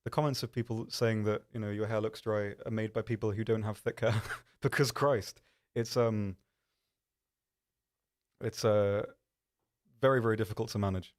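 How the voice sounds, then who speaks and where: A man's voice: on the low side, steady tone, normal speed, darkish tone. A man hosting a live stream, chatting casually in a rambling, self-deprecating way with lots of ums. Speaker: stream host.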